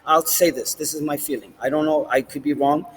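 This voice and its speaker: A man's voice: on the high side, fairly even intonation, brisk, rough recording. A man vlogging in a rambling, casual monologue, swearing often and jumping between topics. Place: outdoors, standing, smoking a cigar.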